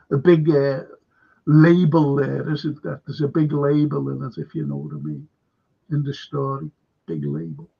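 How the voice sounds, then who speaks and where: A man's voice: fairly high pitch, gravelly, husky, lo-fi sound. A man hosting a casual live-stream film chat, rambling and repeating himself as he reads viewer comments.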